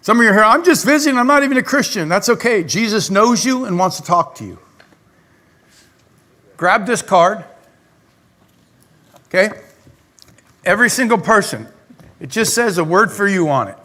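A male pastor preaching a lively sermon in a church, talking straight to the congregation. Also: high-pitched, normal speed, pauses often. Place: church sanctuary.

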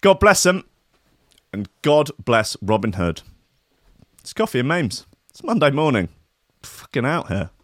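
A man hosting a loose morning show, talking in a rambling, profane, playful way. His voice sits at an ordinary middle pitch and sounds close and dry, with no room around it. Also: very animated, unhurried, pauses often, a bit bright, no room sound. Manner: rambling, profane, playful mock-cockney bits. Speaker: show host. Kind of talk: casual comedic monologue with swearing.

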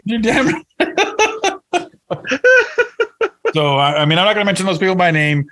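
Man, podcast co-host, casual chat, animated, slightly high voice. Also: unhurried, slight background noise. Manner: animated, swears a lot, acts out quotes.

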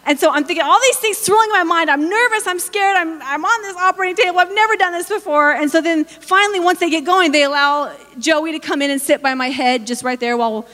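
Preaching to her congregation, this woman in her forties talks fast with few pauses, her very high voice bright and forceful. She addresses them directly and weaves in humorous personal stories. A long hall reverb fills the recording.

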